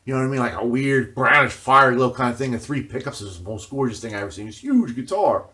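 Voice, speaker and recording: A man's voice: mid-range voice, lively intonation, quick pace, sharp tone. A middle-aged man telling a rambling story in a loose monologue, constantly adding filler tags and swearing casually. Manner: casual, constantly says "you know what I mean", swears freely. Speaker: video journal host.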